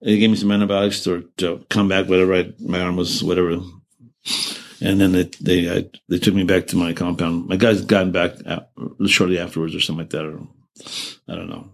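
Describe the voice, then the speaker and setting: A low, deep-voiced older man recounting his war service in a loose, meandering way. He swears freely, drops sentences halfway to start over, and breaks into laughter at the darkest moments. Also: flat delivery, fairly quick, gravelly. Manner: rambling, profane, trails off and restarts; laughs through grim memories. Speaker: veteran interviewee. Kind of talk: oral history storytelling.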